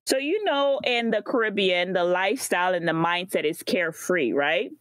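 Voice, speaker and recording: A woman hosting a casual podcast chat, asking questions eagerly and laughing loudly. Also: on the low side, animated, normal speed, slight background noise. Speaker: podcast host.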